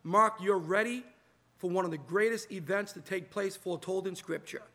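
A man's voice: sits high, sharp tone. A man preaching a sermon from a church pulpit into a microphone, drawing out words for emphasis and quoting scripture. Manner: emphatic, drawn-out preaching delivery with scripture quotes. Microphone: pulpit mic.

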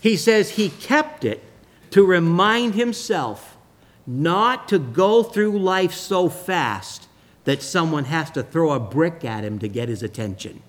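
Slow, lively preacher man telling a story. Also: a little high. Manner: slow, dramatic storyteller with sudden rises and drops in voice. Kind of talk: sermon storytelling.

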